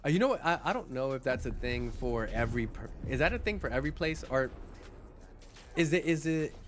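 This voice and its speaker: A man's voice: mid-range voice, expressive, a little fast, a little hiss or hum. A man streaming live, chatting casually with viewers and answering comments in a rambling way. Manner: chatty, rambling, restarts and repeats words while answering chat.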